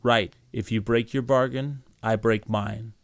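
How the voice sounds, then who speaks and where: A man voicing a calm, cold, steadfast young husband who speaks firmly and with open contempt in a storybook reading. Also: mid-range voice, a little slow, vocal fry, no echo, studio quality. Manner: firm, iron-voiced, contemptuous.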